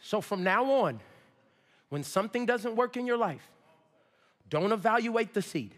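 A man preaching a fervent sermon, calling on the congregation to repeat after him and rising to shouts. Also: high-pitched, expressive, measured pace. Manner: fervent preaching with call-and-response, shouting at peaks. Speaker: pastor. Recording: long hall reverb.

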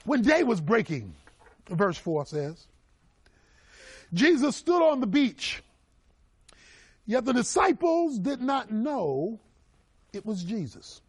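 A middle-aged male pastor preaching a sermon, emphatic, swinging between loud cries and hushed asides. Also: very high voice, very animated, slow pace, pauses often, breathy edge, no room sound.

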